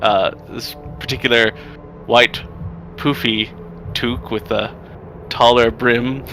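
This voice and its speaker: A man playing a tabletop game, talking in a playful, halting way. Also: mid-range voice, fairly even intonation, bright, forceful tone, faint music behind. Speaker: player. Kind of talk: tabletop role-play chat.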